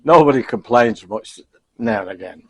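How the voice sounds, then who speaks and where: A middle-aged man giving a casual, rambling sign-off to camera from a home kitchen, halting with lots of fillers, chuckling and self-deprecating. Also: medium pitch, lively intonation, highs cut off. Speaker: cooking vlogger. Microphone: camcorder.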